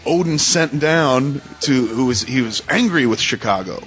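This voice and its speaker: Podcast co-host, male, deadpan riffing banter, mid pitch. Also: a little slow, hardly any pauses, soft background music. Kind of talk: casual comedic banter.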